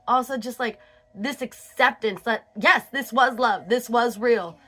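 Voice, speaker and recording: A woman talks through an album in a relaxed, chatty way, slipping into bits of lyrics between her thoughts. Her voice sits a little high and sounds bright and forward. She takes her time, unhurried and easygoing. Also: soft background music. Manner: chatty, sings lyric snippets between comments. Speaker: host reviewing an album. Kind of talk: casual album review chat.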